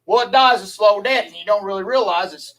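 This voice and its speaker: A man's voice: sits high, a little fast, sharp tone, recorded from a distance, poor audio. A man from Louisiana with a Southern accent, chatting folksily with viewers on a live stream, rambling and laughing easily.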